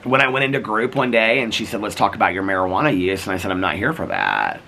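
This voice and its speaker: A middle-aged American man vlogs straight to camera, winding through a relaxed story packed with "like" and "you know" and acting out both sides of old conversations. His low voice has a bright, forward edge, and he talks fast with vocal fry. A faint hiss runs underneath.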